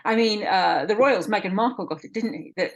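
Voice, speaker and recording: A woman's voice: medium pitch, fairly quick. A middle-aged woman, a midwife, speaking in an interview with passionate emphasis and repeated words. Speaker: midwife and guest. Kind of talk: conversational interview.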